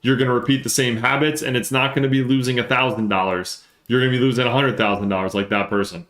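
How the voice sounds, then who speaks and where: A market analyst from northern New Jersey hosts a livestream, reading through charts as he talks. He speaks fast and excitedly, working things out aloud in a mid-range voice with some room echo.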